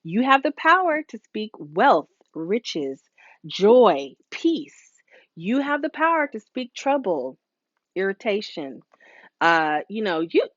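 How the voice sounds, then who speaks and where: Woman, live talk host, hair stylist, preachy, lively swooping pitch, dry dull lo-fi sound. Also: unhurried, no room sound. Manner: preachy and animated, acts out quoted voices; casual, with many fillers and asides.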